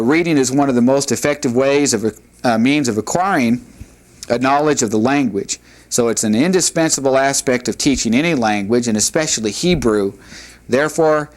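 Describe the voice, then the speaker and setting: A man at a medium pitch delivers a recorded language lesson. He explains patiently and methodically, often pausing with "uh" as he walks students through the drills. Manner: measured, explanatory, with frequent "uh" pauses. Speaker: Hebrew teacher. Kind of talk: recorded classroom lecture.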